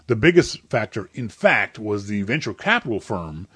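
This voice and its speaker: A man's voice: fairly low pitch, big pitch swings, normal speed, a bit bright, breathy edge, dry recording. A man co-hosting a casual comedic podcast, blunt and profane, ranting grumpily. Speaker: podcast co-host.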